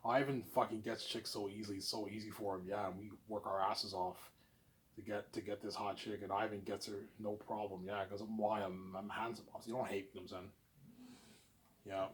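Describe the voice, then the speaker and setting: A man vlogging in a rambling, repetitive monologue, boastful and swinging between loud bursts and low mumbles. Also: flat delivery, fairly quick, slight background noise. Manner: repetitive, boastful, keeps saying obviously.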